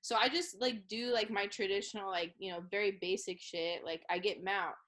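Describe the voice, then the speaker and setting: A woman's voice: mid-range voice, steady tone, moderate pace, a bit bright. A woman guest on a podcast, chatting casually and storytelling with many "like" fillers.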